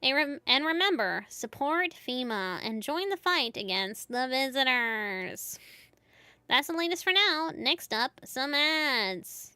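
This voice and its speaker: A woman voicing a formal female TV news anchor in a video game, reading bulletins in a measured, official way. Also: high-pitched, big pitch swings, sharp tone, smooth, dry recording, exaggerated voice. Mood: grave. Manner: measured, official broadcast delivery.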